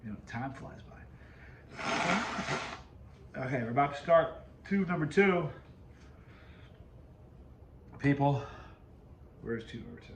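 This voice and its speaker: A man's voice: mid-range voice, animated, moderate pace, gravelly, long pauses, noisy background. Rambling man telling a story, echoey room. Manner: rambling, self-interrupting storyteller. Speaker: video host. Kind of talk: casual storytelling to camera.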